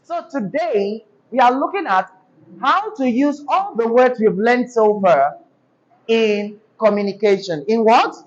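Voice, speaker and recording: A woman's voice: a little high, animated, lo-fi sound. Woman teacher prompting a class. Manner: call-and-response prompting, deliberate. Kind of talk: classroom diction lesson.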